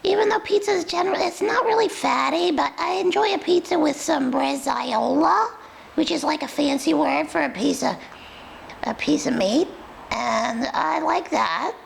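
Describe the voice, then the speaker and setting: Sassy female pet dog, New York accent, rambling, very high, heavily gravelly. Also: normal speed, a little hiss or hum, rough recording. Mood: chatty. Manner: rambling, chatty, confiding. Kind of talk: comic pet voice role-play.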